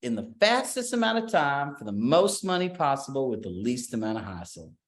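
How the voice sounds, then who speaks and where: A man briefly voicing a blunt Southern woman speaker with a Southern accent, in a drawn-out, emphatic way. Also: medium pitch, big pitch swings, close to an everyday voice.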